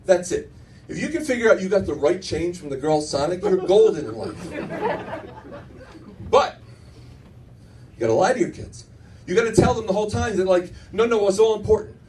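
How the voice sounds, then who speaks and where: A man's voice: high-pitched, moderate pace, long pauses, far from the mic, slight background noise, poor audio. A middle-aged man performing a stand-up comedy set in a club, telling stories with lots of restarts and audience laughter behind. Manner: animated storytelling with many restarts.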